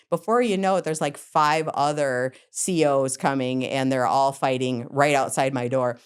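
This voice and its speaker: Low-voiced middle-aged woman telling stories. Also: unhurried, few pauses, clear, resonant tone. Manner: lively storyteller, acts out scenes, laughs often. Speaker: psychotherapist guest. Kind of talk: podcast interview storytelling.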